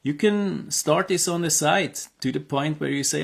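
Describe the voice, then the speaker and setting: Creaky-voiced man giving an earnest pitch. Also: moderate pace, few pauses. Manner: hesitant, many fillers and restarts; earnest, encouraging. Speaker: health coach. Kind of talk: casual promotional monologue.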